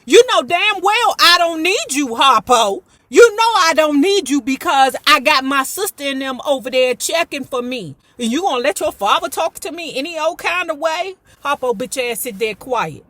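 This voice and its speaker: A woman voicing a defiant pregnant young woman who indignantly confronts her partner, her voice climbing high. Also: animated, a little slow, no room sound, heavily acted. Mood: outraged. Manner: indignant, shouting questions.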